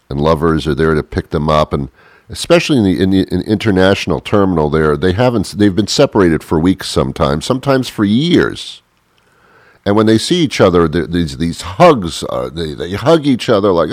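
A man hosting a rambling comic monologue, chuckling often, interrupting himself and slipping into animated impressions. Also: sits low, normal speed, no echo, studio quality.

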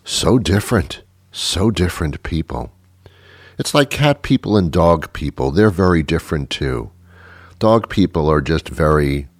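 A man doing a rambling stand-up comedy monologue, slipping into quick character voices for his bits. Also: a bass voice, sing-song, dry recording.

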